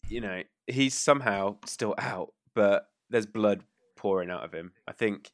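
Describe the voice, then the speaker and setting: A man running a tabletop game as game master, narrating casually with many fillers and quick rulings. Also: lowish voice, no room sound, clean studio sound.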